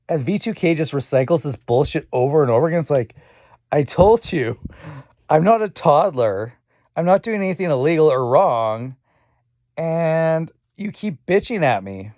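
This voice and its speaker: A man's voice: fairly high pitch, expressive, unhurried, pauses often, darkish tone, dry recording, studio quality. A young man talking in a rambling, repetitive personal monologue, swearing often and muttering asides. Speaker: vlogger.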